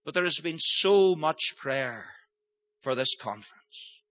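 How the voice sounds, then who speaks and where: An older male preacher gives an impassioned sermon. His voice is bright and sharp, sitting a touch high, and he moves from storytelling to forceful pleading. The recording is dry and close, with no room sound. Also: expressive, slow pace, no echo.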